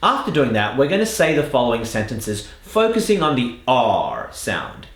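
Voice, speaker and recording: A man's voice: medium pitch, huge pitch swings, normal speed, fairly bright tone, reverberant. A man with an Australian accent coaching pronunciation, patiently explaining drills and stretching out key words for emphasis. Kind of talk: instructional lesson with spoken demonstrations.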